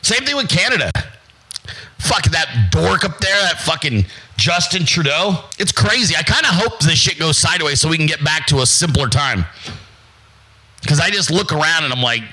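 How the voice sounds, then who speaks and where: A man's voice: on the high side, lively intonation, moderate pace, sharp tone, slightly rough, rough recording. A man in his forties ranting profanely and defiantly as the host of a casual talk stream. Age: 40s. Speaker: livestream host.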